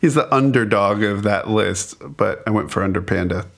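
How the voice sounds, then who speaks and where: A man's voice: on the low side, normal speed, creaky. A married man co-hosting a podcast in casual chat, joking and self-deprecating with frequent restarts. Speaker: podcast co-host.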